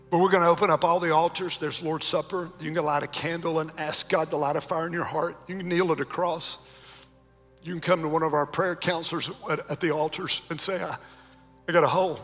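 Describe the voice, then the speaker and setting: A pastor preaching a sermon, moving between shouted calls and low, close talk. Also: male voice, steady tone, brisk, in a large hall, soft background music. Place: large church sanctuary.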